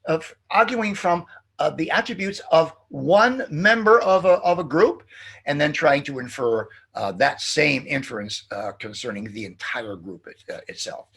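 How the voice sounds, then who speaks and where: A middle-aged man giving a philosophy lecture, animated and full of fillers and restarts. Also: on the high side, normal speed, creaky, husky. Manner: acts out quoted jokes in a playful sing-song. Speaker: philosophy professor. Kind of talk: recorded lecture.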